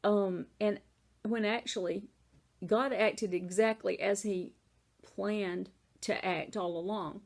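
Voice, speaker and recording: A woman's voice: mid-range voice, fairly even intonation, takes it slowly. A woman with a Southern American accent teaching a Bible lesson in a casual, conversational way, often saying "you know".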